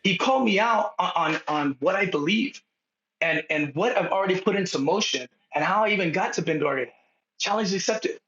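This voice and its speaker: An animated man with a fairly high, bright, forceful voice spins lively stories as a podcast guest. The sound is echoey and a little dull, as if recorded in a bare room on lo-fi gear. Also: a little fast. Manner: animated, acts out dialogue. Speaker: podcast guest, painting contractor. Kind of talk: storytelling in casual conversation.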